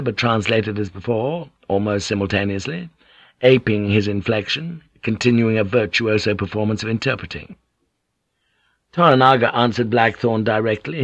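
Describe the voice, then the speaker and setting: A man narrates a historical novel in a low, measured voice. The sound is dry and a little dull, close to the mic with no room around it. He tells the story steadily and shifts his tone when characters speak. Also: dry recording. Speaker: audiobook narrator.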